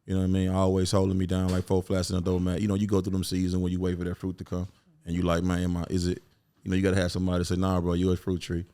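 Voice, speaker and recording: Memphis man, Southern accent, low relaxed podcast guest voice. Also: very fast, clean tone. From Memphis, USA. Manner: laid-back, repeats "you know what I'm saying". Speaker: guest musician. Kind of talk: casual podcast chat.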